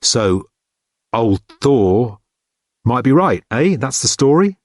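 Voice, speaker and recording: A man voicing a wry, patient detective who speaks quietly and dryly in an audiobook. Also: medium pitch, big pitch swings, slow, no room sound.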